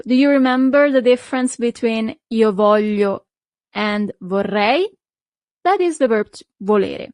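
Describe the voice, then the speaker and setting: Woman teacher, unhurried, repeats words, dry close sound. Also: a little high, no room sound. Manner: patient, repeats each word, checks with "okay?". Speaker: Italian language teacher. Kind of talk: slow, clear language lesson.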